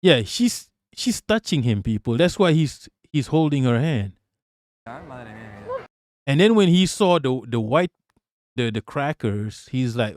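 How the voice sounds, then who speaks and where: A man's voice: mid-range voice, very animated, takes it slowly, pauses often, darkish tone. A man commenting on a video clip during a live stream, blunt and profane, often repeating himself when worked up.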